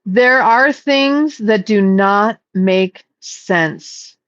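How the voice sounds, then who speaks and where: A woman speaking as a psychic in a casual, meandering spiritual talk, earnest and stretching some words out slowly. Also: medium pitch, dry recording, dull audio. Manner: meandering and earnest, with slow drawn-out emphases. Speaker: psychic channeling messages.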